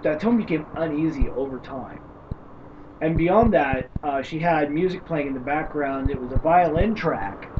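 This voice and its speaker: A man swaps tabletop gaming stories in a loose, animated way, swearing freely as he goes. His voice sits a bit high and comes from some distance off the mic. The sound is dull, with a faint hiss behind it. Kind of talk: casual chat about tabletop gaming.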